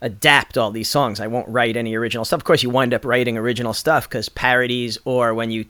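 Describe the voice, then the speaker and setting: A middle-aged man chats as an interview guest and spins animated anecdotes, slipping into little voices for the people he quotes. His pitch sits in a middle range. The sound is dry and close, with no room around it. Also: fast talker, no room sound. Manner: animated storyteller, acts out quotes. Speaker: guest musician. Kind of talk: casual interview chat.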